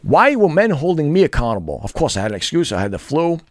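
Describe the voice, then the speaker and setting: A man's voice: a little high, sing-song, fast talker, no room sound, clean studio sound. Blunt, profane male vlogger ranting. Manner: profane, scornful, lecturing. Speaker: fitness and dating vlogger.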